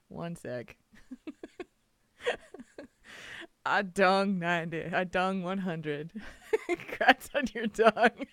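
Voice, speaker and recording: A woman's voice: fairly high pitch, pushed and bright, no room sound, clean studio sound. A woman hosting a podcast from home over a video call, chatty and laughing often. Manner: giggly, chatty. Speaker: podcast host. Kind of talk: casual podcast chat.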